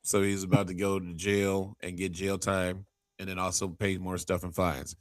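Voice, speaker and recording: Low-voiced man telling rambling stories. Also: little pitch movement, normal speed, clean tone, no echo, studio quality. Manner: rambling storyteller who acts out quotes, many restarts. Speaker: podcast host. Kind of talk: casual chat.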